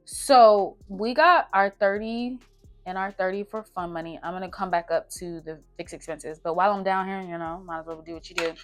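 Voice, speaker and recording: A woman's voice: fairly low pitch, moderate pace, soft background music. A young woman, chatting casually through her budget and talking to herself as she adds up numbers. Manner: chatty, talks to herself while doing math. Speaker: budgeting vlogger.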